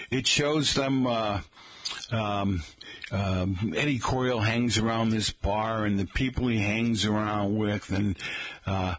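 A man's voice: fairly low pitch, a bit bright, slightly rough, dry recording. A middle-aged man from the Boston area hosting a rambling, chatty talk monologue and calling his listeners folks.

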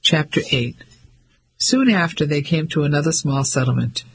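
A man reading a novel aloud in steady scripted narration. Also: on the high side, normal speed, a little hiss or hum, poor audio. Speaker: audiobook narrator.

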